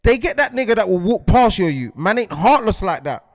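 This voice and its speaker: A man's voice: high voice, very animated, fairly quick, no echo. A man, delivering a heated podcast monologue as host, repeating himself and asking if you get what he's saying.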